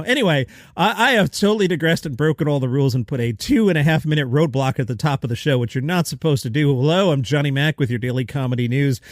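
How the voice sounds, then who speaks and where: A man's voice: on the high side, fast, few pauses, dry recording, clean studio sound. A man hosting a comedy news podcast, delivering headlines with a sing-song lilt and sarcastic asides. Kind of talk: casual comedic news commentary.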